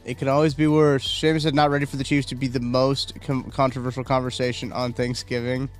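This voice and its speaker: A man hosts a casual live stream from home, rambling and chatting as he reads viewer comments aloud. His pitch sits in an ordinary middle range, with faint music playing underneath. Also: little pitch movement, brisk. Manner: rambling, chatty, reacts to chat, yawning. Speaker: livestream host.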